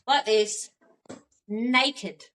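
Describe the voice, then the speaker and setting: An Australian woman co-hosting a podcast over a video call, telling stories with lively, laughing energy. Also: on the high side, extremely slow. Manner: animated storytelling with laughs. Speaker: podcast co-host.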